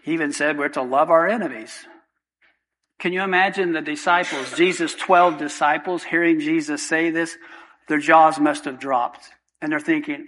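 A man's voice: fairly high pitch, steady tone, normal speed, fairly bright tone, rough recording. A man preaching a sermon, earnest and emphatic, repeating key points and asking rhetorical questions. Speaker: pastor.

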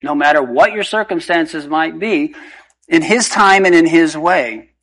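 A man preaches with earnest emphasis, his voice sitting a little higher than most men's. He slows down for key phrases and rushes others, pressing each point home. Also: fairly bright tone, low-quality recording. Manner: earnest, emphatic, shifting pace. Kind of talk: sermon.

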